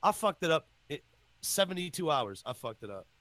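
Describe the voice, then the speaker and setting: Male podcast host, excitable and profane, animated highish delivery. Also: normal speed, dry recording. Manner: loud, excitable, swears a lot. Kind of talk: casual podcast chat.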